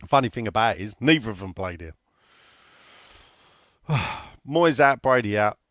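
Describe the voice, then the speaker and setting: A man's voice: medium pitch, animated, unhurried, a bit bright, no echo. A man hosting a casual football chat, reading out listener questions in a blunt, sweary way.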